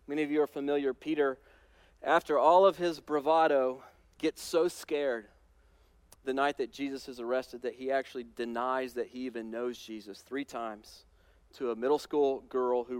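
A man pastor preaching a sermon in a conversational, animated storytelling way with touches of humor. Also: mid-range voice, clear, resonant tone, no echo.

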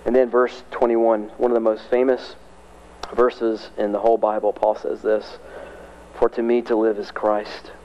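Animated preacher with a muffled sound. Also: male voice. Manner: animated, rises high and loud when excited, conversational asides. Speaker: pastor. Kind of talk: sermon.

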